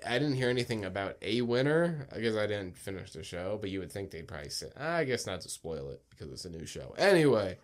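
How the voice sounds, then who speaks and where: A man's voice: fairly low pitch, very animated, fast, few pauses. A young man from New Jersey co-hosting a podcast, telling stories casually with lots of swearing and mock outrage. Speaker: podcast co-host. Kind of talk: casual chat.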